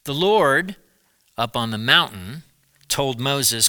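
A man preaching, retelling a Bible story in a lively storytelling way with small asides. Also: medium pitch, slow, pauses often, no room sound.

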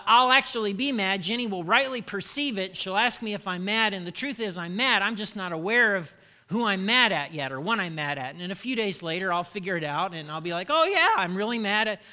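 Male pastor, sermon, high voice, very bright and forceful tone, candid storytelling. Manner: candid, self-deprecating storytelling.

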